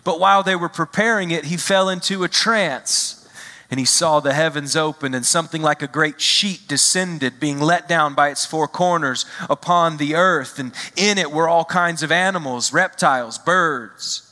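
A man with a fairly high, bright and forceful voice preaches a sermon as a visiting pastor. He acts out the quoted lines and drags out key phrases for emphasis. His voice rings through a large hall with a long reverb. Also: normal speed.

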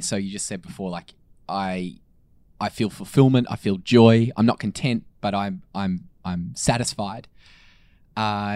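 A man hosting a podcast, asking probing, animated questions in casual chat. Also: on the low side, no echo. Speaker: podcast host.

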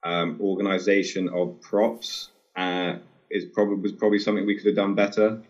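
A man speaking on a podcast in a measured, reflective way and hedging his points. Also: low-pitched, level tone. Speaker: film co-producer and podcast guest. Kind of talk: casual podcast chat. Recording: dull lo-fi sound.

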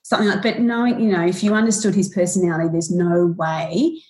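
Woman in her 40s telling her story on a podcast, halting and emotional, lots of restarts. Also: on the low side, steady tone, darkish tone. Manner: acts out quoted lines in a raised voice. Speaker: guest. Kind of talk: personal story in a podcast interview.

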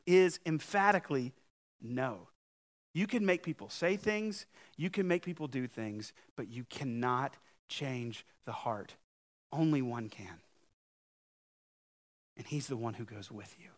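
A man preaching a sermon as pastor, talking to his congregation in a conversational, emphatic way, his loudness swinging widely. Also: on the high side, animated, takes it slowly.

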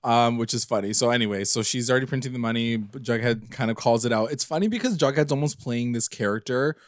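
Male co-host, casual recap chat, animated storyteller, dry close sound. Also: medium pitch, fast talker, dry recording. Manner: chatty, animated, acts out characters' lines mid-story. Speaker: podcast co-host.

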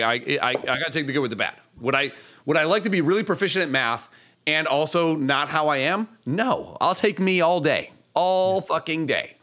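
A man's voice: fairly high pitch, fairly bright tone. A man hosting a podcast, sarcastic and mock-grandiose in casual crude banter. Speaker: podcast host.

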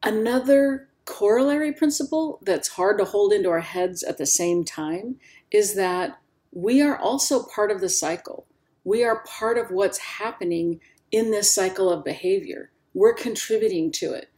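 A woman's voice: medium pitch, moderate pace, darkish tone. A woman hosting a solo parenting talk, speaking earnestly and encouragingly straight to her listeners. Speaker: parenting podcast host.

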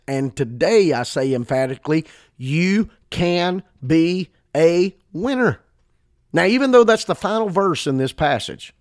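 Preacher guy, gravelly voice, fired up n emphatic, dry close sound. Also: fairly high pitch, a little mellow, dry recording. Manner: emphatic, fervent, repeats for emphasis. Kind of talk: podcast sermon.

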